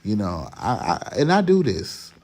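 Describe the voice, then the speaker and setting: A man's voice: lowish voice, huge pitch swings, normal speed, a little mellow. Chatty man vlogging from his kitchen. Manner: chatty, talks straight to viewers, restarts sentences. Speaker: podcast host cooking for family. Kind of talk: casual cooking vlog chat. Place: home kitchen.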